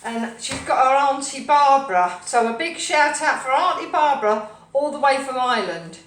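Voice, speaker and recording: A woman's voice: sits high, lively intonation, normal speed, a bit bright. Chatty woman cooking live, echoey kitchen. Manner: rambling, cheerful, talks to her pets and viewers. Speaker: host of a live cooking stream. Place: home kitchen, indoors. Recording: echoey kitchen, from a distance, faint hum.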